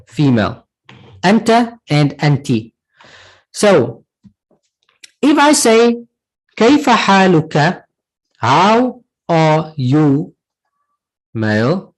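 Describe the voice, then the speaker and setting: A man's voice: a little high, darkish tone, rough recording. A man teaching an Arabic class, patiently repeating words and checking in with "right?" as he explains. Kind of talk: online class lesson.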